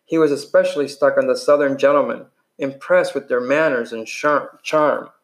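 A man reads a novel chapter aloud in an unpolished way, stumbling and restarting now and then. His voice sits at an ordinary middle pitch for a man, steady like a home reading. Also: normal speed. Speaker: reader.

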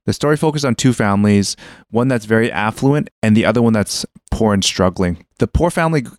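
Low, smooth-voiced man explaining casually. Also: animated, a little fast, no room sound, studio quality. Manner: explanatory, loose with fillers and restarts. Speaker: podcast co-host. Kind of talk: casual chat.

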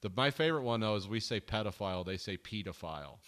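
A man's voice: on the low side, animated, quick pace, a bit bright. A man co-hosting a casual film podcast, talking in a rambling, hesitant way that often trails off. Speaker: podcast co-host.

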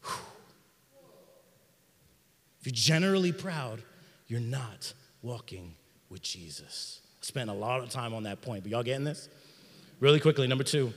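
A middle-aged man preaching a sermon in a church sanctuary, in an energetic, conversational style with slang. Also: mid-range voice, long reverb tail. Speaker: pastor.

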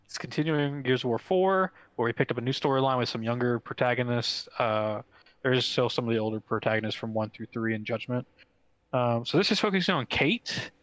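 A young man co-hosting a casual gaming podcast, telling stories excitedly with lots of fillers. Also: medium pitch, dry recording, low-quality recording. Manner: excitable, fast storytelling with swearing and many fillers. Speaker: podcast co-host.

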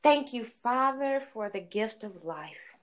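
A woman's voice: a little high, animated, slow pace. A woman leading a spoken prayer in a fervent manner, repeating words of praise. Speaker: prayer leader.

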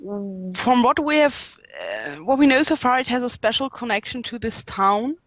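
A woman playing a character in a tabletop game, halting and full of fillers. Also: on the high side, big pitch swings, a bit bright, no echo. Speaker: player. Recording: dull lo-fi mic.

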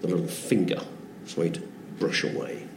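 A middle-aged man, a comedian guest, telling anecdotes in casual, animated chat and swearing freely. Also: moderate pace, reverberant, background noise. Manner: animated, swearing storyteller with restarts.

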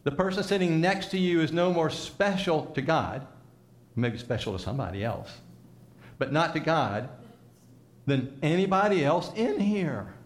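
A man's voice: a little high, very animated, unhurried. A man preaching to a congregation, conversational and teasing, leading them in repeated call-and-response phrases. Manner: conversational, teasing asides to listeners. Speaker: pastor. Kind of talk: sermon.

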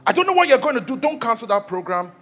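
A Nigerian man in his thirties preaching a sermon, telling a lively story, repeating words and acting out what people said. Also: extremely high pitch, quick pace, soft background music. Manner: animated storytelling, repeats words, acts out quotes. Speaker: pastor.

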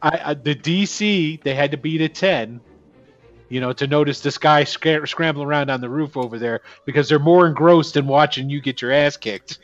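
A man running a tabletop game as game master, animated, laughing and swearing casually. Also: on the high side, moderate pace. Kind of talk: narrating a tabletop game session. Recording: dull lo-fi sound with faint music.

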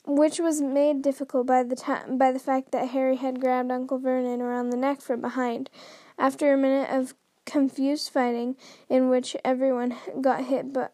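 Woman host reading aloud, high and soft-toned, dry close sound, frequent stumbles and restarts. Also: flat delivery, normal speed, hardly any pauses, no echo. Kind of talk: unrehearsed read-aloud narration.

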